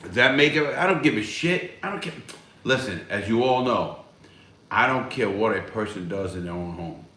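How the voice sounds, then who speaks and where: A man's voice: fairly low pitch, animated, moderate pace, bright, forceful tone, reverberant, slight background noise. A man hosting a casual live stream from home, reading viewer chat and answering in a blunt, rambling way with heavy swearing. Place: at home, smoking a cigar.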